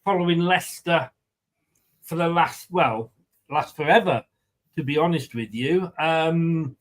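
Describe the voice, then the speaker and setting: Guy hosting a fan stream, chatty, reads comments out, fairly high voice. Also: measured pace. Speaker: fan channel co-host. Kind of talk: casual live-stream chat.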